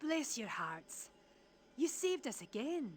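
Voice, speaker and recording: A woman's voice: high voice, big pitch swings, slow, soft background music, exaggerated voice. An actress playing a kindly, motherly woman scientist with a broad Scottish accent in a video game. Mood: grateful.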